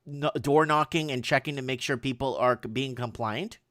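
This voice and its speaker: A man's voice: mid-range voice, normal speed, fairly bright tone, no room sound. Talk show host guy, mid voice, dry close sound, asks questions. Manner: mostly listens, short agreeing interjections, then questions. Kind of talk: casual talk show conversation.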